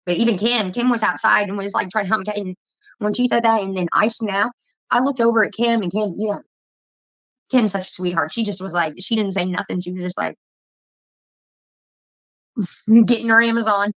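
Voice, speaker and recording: A woman's voice: mid-range voice, moderate pace, pauses often, fairly bright tone, no room sound. A woman vlogger telling heated, profane stories in casual livestream chat, with dull lo-fi audio.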